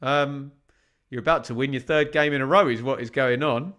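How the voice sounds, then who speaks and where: A man commentating live on a football match for an online watch-along. He chats to his viewers, reads out the other scores and keeps asking the chat rhetorical questions. His pitch sits at an ordinary middle level for a man. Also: normal speed, fairly bright tone.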